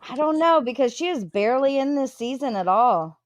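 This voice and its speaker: A woman hosting a casual live chat, blunt and quick to swear and laugh. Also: high voice, lively intonation, no echo. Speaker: host.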